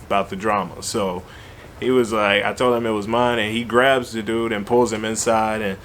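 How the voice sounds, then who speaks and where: A man tells a story in an animated, slangy, conversational way. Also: fairly low pitch, normal speed, a little hiss or hum. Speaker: vlogger. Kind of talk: casual storytelling.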